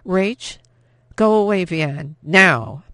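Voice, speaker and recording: A desperate young woman pleads urgently, voiced by a man. Her lines are raised in pitch and edged with gravel. The recording is dry and close. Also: lively intonation, moderate pace, dry recording.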